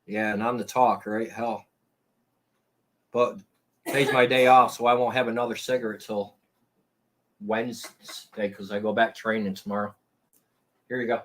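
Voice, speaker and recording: A man's voice: on the low side, level tone, normal speed, pauses often, fairly bright tone. A man live streaming and chatting casually with his viewers, rambling in a crude and profane way.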